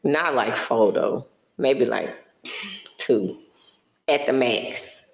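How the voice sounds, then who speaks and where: A woman's voice: a bass voice, very slow, creaky, echoey room. A woman co-hosting a podcast in casual chat, blunt and frank in her opinions. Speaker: podcast co-host.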